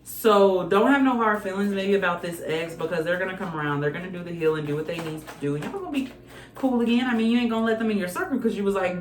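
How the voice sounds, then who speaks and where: A woman's voice: medium pitch, expressive, fast talker. A woman giving a casual tarot card reading, talking bluntly with swearing and breaking into bits of song. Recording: echoey room with faint music.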